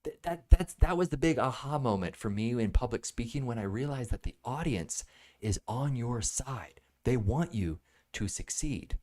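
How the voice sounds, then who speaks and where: A man hosts a casual live broadcast of product reviews. He talks in a loose, animated way and keeps cracking himself up. His voice sits at an ordinary middle pitch. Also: normal speed. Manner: animated, chatty, laughs at his own jokes. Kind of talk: casual live-stream chat.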